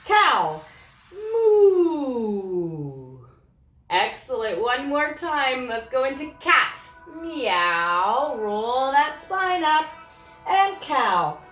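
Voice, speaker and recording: A woman leading a children's yoga class, giving gentle, encouraging instructions with frequent praise. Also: high-pitched, big pitch swings, takes it slowly, roomy sound, soft background music. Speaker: kids yoga teacher. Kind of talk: guided children's yoga lesson.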